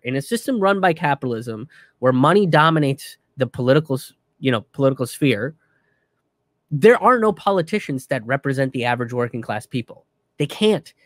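Man, profane ranting commentary, fairly high voice, dry close sound. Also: no echo. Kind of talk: casual commentary rant.

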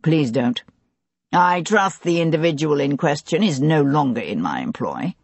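A woman reads a cold, menacing nobleman in a low, husky voice. He is curt and commanding, and the sound is close and dry. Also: sing-song, normal speed, a little mellow, dry recording, full character voice.

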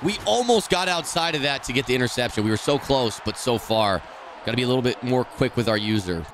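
A man streaming a football video game, talking through each play and often swearing and yelling at the game in frustration. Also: medium pitch, fast talker, noisy background. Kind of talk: live gameplay commentary.

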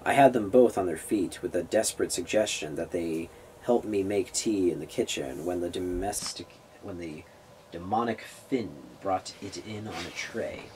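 Low-voiced man reading a novel aloud. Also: normal speed, a little mellow, slight background noise, rough recording. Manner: stumbling, restarts misread words. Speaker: reader of a novel on a public access show.

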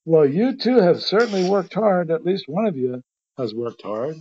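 A man's voice: a little high, animated, normal speed, warm tone, slightly rough, dull audio, pitched above the performer's own voice. A man voicing a male stage magician, shy at first yet grand and scornful, in a storybook reading. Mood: humble.

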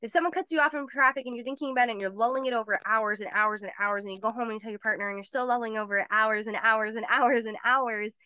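Bright, chatty woman teaching a webinar. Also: on the high side, fairly even intonation, no echo, highs cut off. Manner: chatty, quick, laughs often, acts out little voices. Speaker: course host. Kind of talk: live webinar lecture.

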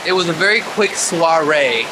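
Chatty guy vlogging on a cruise ship, kinda high voice, music playing behind. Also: expressive, normal speed, poor audio. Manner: chatty and upbeat, playful. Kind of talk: casual travel vlog chat. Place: cruise ship cabin and decks.

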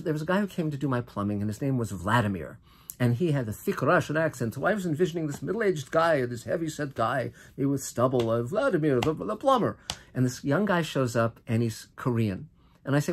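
A man's voice: mid-range voice, expressive, husky. Earnest older man, impassioned monologue. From United States. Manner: earnest and impassioned, with frequent restarts and drawn-out emphatic phrases. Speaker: host. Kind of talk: political monologue to camera.

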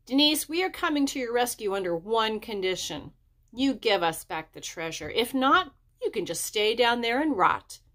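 A woman's voice: on the high side, sing-song, moderate pace, a bit bright. A woman voicing a bossy, blunt schoolboy in a storybook reading, speaking firmly and demandingly. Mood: urgent. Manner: firm and demanding.

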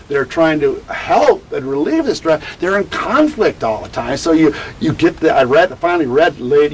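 A man's voice: a little high, a little hiss or hum, rough recording. An older man, a grief educator, telling personal stories in an interview and often stopping to repeat and restart his words. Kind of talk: candid personal storytelling in an interview.

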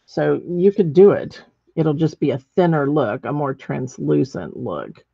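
A woman's voice: sits low, animated, a little slow, gravelly, husky, dry recording, highs cut off. A middle-aged woman demonstrating ceramic painting in a chatty way, thinking aloud as she works. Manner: chatty, thinks aloud while working, many ums.

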